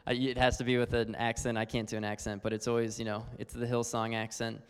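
A man's voice: medium pitch, completely flat delivery, quick pace, clean tone. A man teaching on worship in an earnest, conversational sermon style, full of fillers. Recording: long hall reverb.

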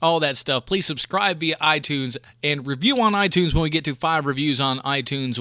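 A man's voice: mid-range voice, sharp tone, dry recording, studio quality. A man hosting a podcast, ranting in a profane, fired-up way about rude moviegoers in casual chat. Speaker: podcast host.

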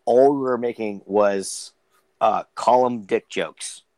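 A man's voice: fairly low pitch, slow, darkish tone, dry recording, rough recording. A man co-hosting a podcast, chatting casually with friends, rambling and joking with frequent restarts. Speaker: podcast co-host. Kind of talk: casual banter among friends.

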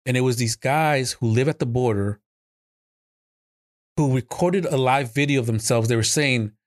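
A man's voice: medium pitch, moderate pace, no echo, clean studio sound. A man hosting a political podcast, talking heatedly and emotionally with stammering restarts and swearing. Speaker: podcast host.

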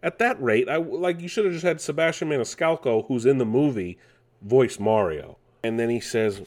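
A man's voice: mid-range voice, normal speed. A man casually hosting gaming news, rambling with many fillers and restarts. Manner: rambling, with frequent fillers and self-corrections.

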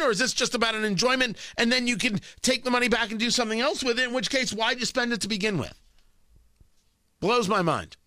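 Guy doing a talk radio rant, high bright voice, keeps stumbling and restarting, dry close sound. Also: no room sound. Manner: rambling, stammering restarts, sarcastic asides. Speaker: radio talk show host.

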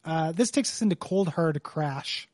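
A man's voice: fairly high pitch, unhurried, darkish tone, no echo, clean studio sound. A man co-hosting a podcast, chatting casually and jokingly about a video game, with lots of fillers and the odd swear. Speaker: podcast co-host.

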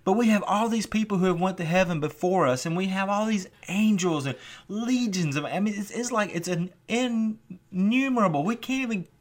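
A man with a somewhat high voice delivers a sermon in an earnest, building way. He often repeats words as he presses his point. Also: normal speed. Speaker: preacher.

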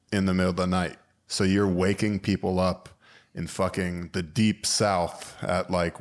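A man hosting a podcast, telling wry, joking work stories in a relaxed way. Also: low voice. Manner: wry, anecdotal, does comic voices. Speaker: podcast host. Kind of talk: casual storytelling.

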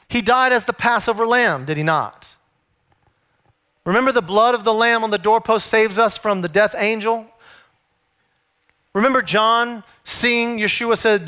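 A male preacher with a high, bright, forceful voice delivers an emphatic sermon. He keeps turning to his listeners with rhetorical questions, leaning hard on his key points.

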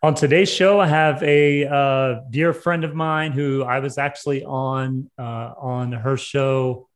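A man's voice: mid-range voice, fairly even intonation, takes it slowly. A man with a Southern American accent hosting a podcast interview, upbeat and chatty with frequent fillers. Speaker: podcast host. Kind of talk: casual interview.

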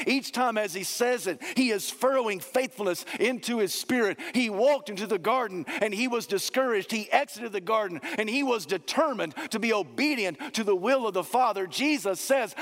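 A man's voice: sits high, expressive, fairly bright tone. Guy preaching a sermon, leans hard on repeated lines, big reverby church sound. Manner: emphatic, slows down and repeats key phrases. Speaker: pastor. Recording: long hall reverb.

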